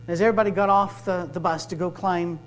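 A man's voice: high voice, steady tone, fast talker, soft background music, low-quality recording. A man, a minister giving a sermon-style workshop talk, telling stories, acting out the dialogue and joking. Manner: storytelling, acts out dialogue, joking.

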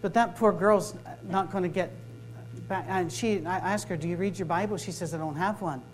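With a high voice at normal speed, a man gives a sermon-style workshop talk as a minister, acting out the dialogue, telling stories, and joking. Soft background music plays under a rough recording.

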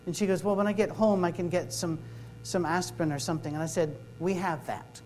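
Brisk and a little mellow, this minister's high voice keeps a fairly even intonation as he jokes, tells stories, and acts out the dialogue in a sermon-style workshop talk. Soft background music accompanies the low-quality recording.

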